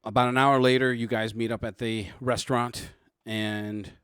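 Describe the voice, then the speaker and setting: A man narrating a tabletop role-playing game as game master, describing scenes in halting, restarting sentences. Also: medium pitch, little pitch movement, a bit bright, clear, resonant tone, dry recording, clean studio sound.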